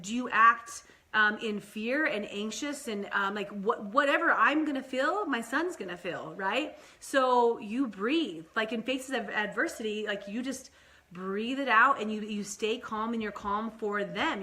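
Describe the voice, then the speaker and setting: A young woman and mother talking casually to camera as a vlog host, chatty, with many "like" and "right?" fillers, her pace swinging between quick and slow. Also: fairly high pitch, animated, pushed and bright.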